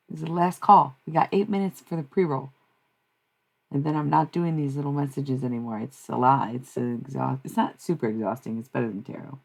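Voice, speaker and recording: A woman's voice: very deep voice, steady tone, a little fast, vocal fry, a little mellow. A woman streaming live, chatting bluntly and casually and musing aloud while she passes on psychic messages to her chat.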